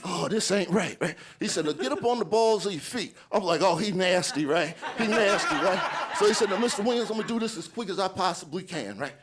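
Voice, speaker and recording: A man in his forties with a high voice tells a stand-up story. He acts out the other people's voices and keeps checking in with "right?". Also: lively intonation, fast. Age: 40s. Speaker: stand-up comedian.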